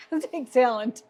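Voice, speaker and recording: A woman's voice: high voice, dark tone. A woman co-hosting a garage show, trading teasing banter with the host. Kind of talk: casual garage chat.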